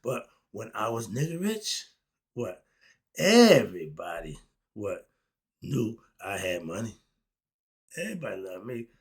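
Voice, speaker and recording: An older man talking casually and emphatically in a monologue, with laughing asides, swinging between loud and soft. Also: on the low side, sing-song, unhurried, long pauses, breathy edge. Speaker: commentator.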